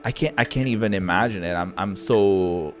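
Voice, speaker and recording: Rambling young man, deep voice. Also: normal speed, faint music behind. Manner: rambling, heartfelt, many fillers and restarts. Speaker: gaming streamer. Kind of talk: casual gameplay commentary.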